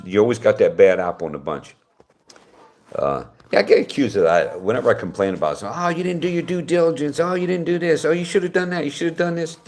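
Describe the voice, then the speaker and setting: Older man, from West Virginia, deep voice, casual rambling livestream chat. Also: darkish tone. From West Virginia, United States. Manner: rambling, conversational, frequent restarts. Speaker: channel host reading viewer comments.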